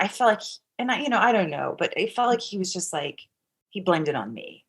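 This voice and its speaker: A woman's voice: fairly low pitch, lively intonation, brisk, vocal fry, fairly bright tone. A woman actor as a podcast guest, telling a candid personal story in a rambling way, full of restarts, acted-out quotes and casual swearing.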